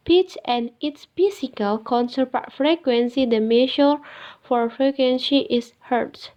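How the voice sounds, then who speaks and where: Mellow young woman reading slowly. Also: sits high. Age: young adult. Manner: slow, hesitant reading with fillers. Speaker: student presenter. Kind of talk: reading a class presentation. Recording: dull lo-fi recording.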